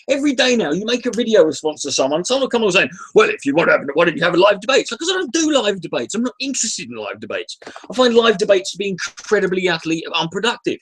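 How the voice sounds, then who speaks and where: Man, irritable profane livestream rant, swoops up and down in pitch, sighs and restarts. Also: a bit bright, husky. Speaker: YouTuber ranting on a live stream.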